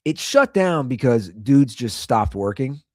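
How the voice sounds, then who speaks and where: A podcast host tells a story on his own show as a casual comedic rant, repeating lines in disbelief for comic effect. He is an animated storyteller who swings between loud and low, speaking a little slowly in clean, echo-free studio audio.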